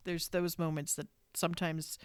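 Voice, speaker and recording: A woman co-hosts a podcast in loose, casual chat, with a smooth, clear voice recorded close and dry. She talks animatedly and swears freely, and she acts out her own exasperated reactions. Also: on the low side, level tone, moderate pace, no echo. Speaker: podcast co-host.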